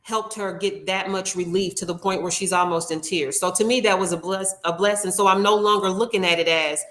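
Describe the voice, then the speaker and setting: A woman's voice: fairly low pitch, fairly even intonation, fairly quick, a bit bright, reverberant. Earnest woman telling a heartfelt story. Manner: earnest and heartfelt, with frequent restarts and acted-out quotes. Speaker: nail technician and founder, interview guest. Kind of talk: conversational storytelling in an interview.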